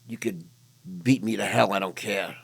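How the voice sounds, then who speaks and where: A man's voice: fairly low pitch, moderate pace, creaky, breathy edge. An older man hosting a casual interview, talking bluntly and candidly about his own past. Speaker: podcast host.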